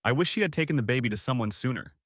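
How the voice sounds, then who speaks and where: A man's voice: mid-range voice, animated, very fast, fairly bright tone, no echo, clean studio sound. A man voicing a smug, self-assured rival who talks down to people, in a storybook reading.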